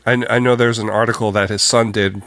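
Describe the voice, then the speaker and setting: A man's voice: lowish voice, level tone, a little fast, a bit bright, dry recording. A man co-hosting a podcast, chatting casually, hesitant with many fillers and easy laughs. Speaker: podcast co-host. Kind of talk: casual chat.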